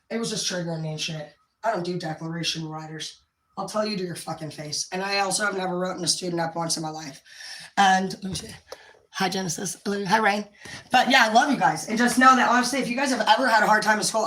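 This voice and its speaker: A woman hosting a livestream, ranting to her viewers, swearing constantly and rambling, sometimes dropping to a low quiet tone. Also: roomy sound, slight background noise, poor audio. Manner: profane, heated, swearing constantly. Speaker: livestream host talking to viewers. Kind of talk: unscripted livestream rant.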